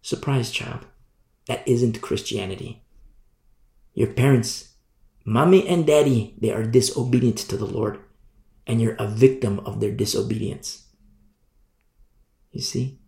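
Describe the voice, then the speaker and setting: Gravelly preacher man with swinging volume. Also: medium pitch, unhurried, long pauses, echoey room. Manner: preaching with sudden drops to a hush and rises to loud emphasis. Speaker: pastor. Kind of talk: sermon.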